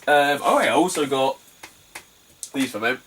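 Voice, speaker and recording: A man's voice: medium pitch, expressive, normal speed, fairly bright tone, distant mic, slight background noise. A young British man chatting casually about his game finds, rambling and laughing often. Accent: British English. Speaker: retro game collector vlogger. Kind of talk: casual chat.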